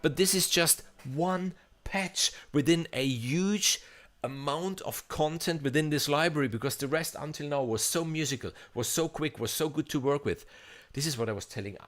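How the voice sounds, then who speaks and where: Faint instrument demos play in the background as a male composer live-streams a tour of a sample library. His voice is on the high side and a bit bright, at normal speed, and he talks chattily and enthusiastically with frequent restarts.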